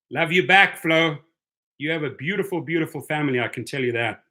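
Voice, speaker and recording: A chatty middle-aged man with a South African accent hosts a live stream. His voice is bright and clear, and he sounds upbeat as he reads viewers' names and comments and hums bits of songs along the way. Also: on the high side, fairly quick. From born in the United States, raised in Europe and South Africa. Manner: chatty, upbeat, greets viewers by name, sings snatches of songs. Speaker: livestream host reading viewer comments. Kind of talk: casual live-stream chat.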